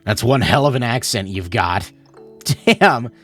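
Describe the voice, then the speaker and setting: A man doing a gruff, rude village boy. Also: medium pitch, lively intonation, measured pace, a bit bright, soft background music, voice pushed down. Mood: curt, scornful. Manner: curt, blunt, insulting. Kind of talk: reading a visual novel aloud.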